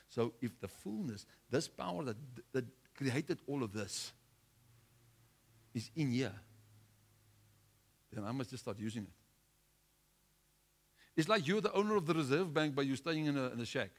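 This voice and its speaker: Exhorting male preacher, mid-pitched. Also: moderate pace, pauses often. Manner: exhorting, with restarts and repetition. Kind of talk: sermon.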